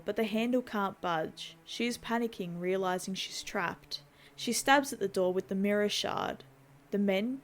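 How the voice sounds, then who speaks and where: A woman hosting a horror channel, reading a scripted scene-by-scene film recap and dropping in wry asides. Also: mid-range voice. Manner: wry asides between plain plot retelling.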